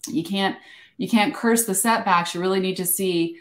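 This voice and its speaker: A woman's voice: medium pitch, normal speed, reverberant. A woman hosting and co-authoring, speaking in a reflective, encouraging way in an interview. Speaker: show host and co-author. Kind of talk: interview talk.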